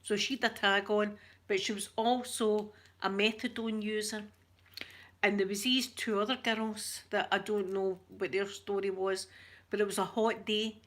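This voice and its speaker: A woman's voice: mid-range voice, level tone, a little slow, fairly bright tone. A middle-aged Scottish woman from Scotland, chatting casually to her viewers as an ASMR vlogger and telling stories in a talkative way. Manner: chatty storyteller, addresses viewers as "yous".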